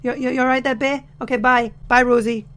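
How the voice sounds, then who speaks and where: A young man with a sore, tired voice, chatting jokily as he plays a game and sometimes shouting. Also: very high voice, flat delivery, a little fast. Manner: chatty, jokey, bursts into shouting. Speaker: let's play host. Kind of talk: casual gameplay commentary.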